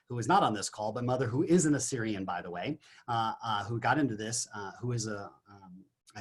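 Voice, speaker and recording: A man giving an energetic motivational talk as a guest on a business call, animated and emphatic. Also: medium pitch, husky. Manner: animated, emphatic, punchy exclamations.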